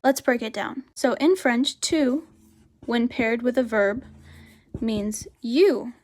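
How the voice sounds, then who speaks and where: A woman teaching a beginner language lesson, explaining step by step in a chatty way and saying example phrases with lively rises. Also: fairly high pitch, slow.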